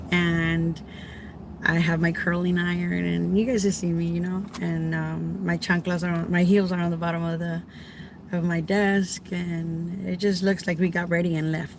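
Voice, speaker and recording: A woman's voice: fairly low pitch, creaky, background noise. A middle-aged woman caregiver tells a story to her viewers in a casual way, acting out the dialogue and raising her voice when she quotes herself. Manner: animated, acts out dialogue, raises voice when quoting herself.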